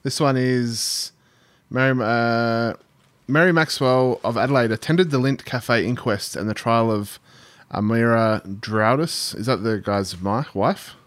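A man's voice: medium pitch, a little slow, a bit bright, dry recording. A man with an Australian accent co-hosting a podcast in easygoing, matey banter. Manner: laid-back, matey banter. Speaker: podcast co-host. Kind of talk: casual chat.

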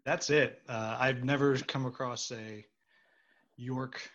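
A man's voice: medium pitch, fairly even intonation, slow pace, fairly bright tone, highs cut off. Chatty man hosting. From United States. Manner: chatty, rambling, jokey. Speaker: host, stage actor. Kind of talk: casual interview chat.

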